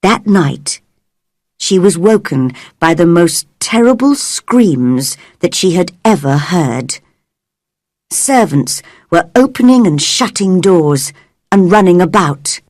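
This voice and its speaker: Slow expressive woman storyteller. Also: lowish voice, dry recording, clean studio sound. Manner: slow, clear and expressive reading. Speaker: narrator. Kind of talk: storybook narration for English learners.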